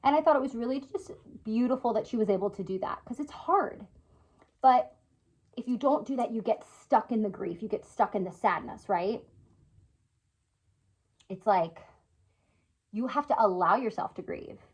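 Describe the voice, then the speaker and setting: A woman's voice: a little high, moderate pace, pauses often, breathy edge. A woman in her thirties talking earnestly and casually to camera at home, often checking in with "right?" and "you know". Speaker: vlogger. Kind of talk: casual heartfelt talk to camera. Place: at home indoors by a window.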